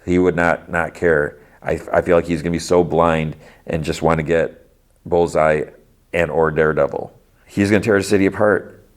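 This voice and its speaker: A man with a deep, low voice recaps TV episodes in a loose, chatty way. He tells the story with energy and acts out the lines along the way. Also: normal speed. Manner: animated retelling, acting out lines. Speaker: podcast host.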